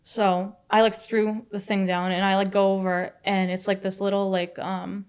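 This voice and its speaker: A woman's voice: medium pitch, little pitch movement, a little mellow, smooth. Young adult woman, casual storytelling, rambling with many "like" fillers, swears. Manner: fast, filler-heavy retelling with frequent "like" and swearing. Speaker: guest.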